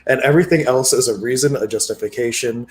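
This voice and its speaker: A man's voice: mid-range voice, quick pace, slight background noise. A man hosting a casual livestream chat, easygoing and chuckling as he tells stories. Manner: easygoing, chuckles often, relaxed storytelling. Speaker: host.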